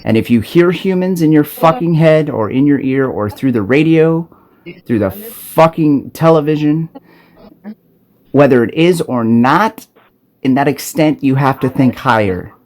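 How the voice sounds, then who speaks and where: A self-made video preacher from Arizona records an impassioned, profane spiritual warning on his smartphone, stumbling and restarting often. His pitch is fairly high and his intonation lively, with an unhurried pace and a darkish tone.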